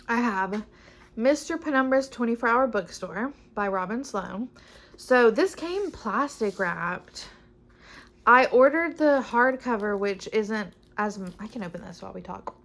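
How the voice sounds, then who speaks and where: A woman's voice: fairly high pitch, fairly bright tone. A young woman chatting casually about her books, upbeat and rambling, often restarting her sentences. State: pregnant. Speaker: book vlogger. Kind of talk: casual chat.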